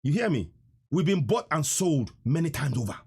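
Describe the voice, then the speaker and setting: A man's voice: fairly high pitch, very animated, moderate pace, darkish tone, slightly rough. A man hosting a live stream, delivering a fiery, emphatic political rant and repeating lines for effect.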